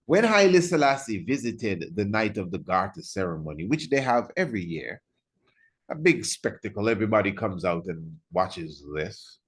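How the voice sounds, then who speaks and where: A man with a lowish, sing-song voice and a breathy edge talks at a normal speed. He's giving an informal history lecture, emphatic and repetitive, firing rhetorical questions at his listeners and chuckling at his own remarks.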